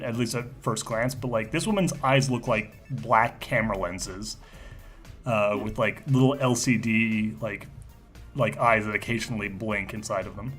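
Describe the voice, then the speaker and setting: A male game master narrates a tabletop role-playing session at a middling pitch, stumbling through fillers and restarts as he builds the scene. Faint music plays in the background. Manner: halting, full of fillers and restarts.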